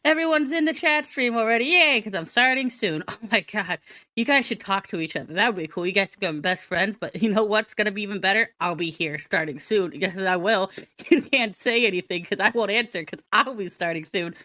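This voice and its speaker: A young woman with a mid-range, sharp-toned voice talks a little fast in studio-quality audio with no echo. Streaming live with faint background music, she chats playfully and goofily straight to her viewers in chat, using sing-song repetition.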